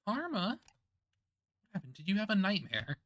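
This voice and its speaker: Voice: mid-range voice, huge pitch swings, measured pace, fairly bright tone, voice pushed up. A game streamer voicing the heroine's worried young female friends, urgent and insistent. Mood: alarmed. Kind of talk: reading a visual novel aloud.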